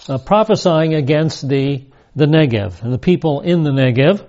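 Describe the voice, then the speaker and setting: A man's voice: fairly high pitch, dark tone. A man teaching a Bible study lecture, explaining word meanings and asking rhetorical questions. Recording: dull lo-fi recording.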